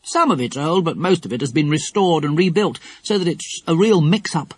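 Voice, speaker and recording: A man voicing a calm, sensible mother who talks briskly and reassuringly in a storybook. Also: on the high side, pitched above the performer's own voice.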